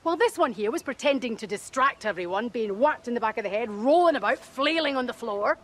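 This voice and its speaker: An actress playing a sharp-tongued female amateur detective with a taunting, probing, theatrical manner. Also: fairly high pitch, expressive, brisk.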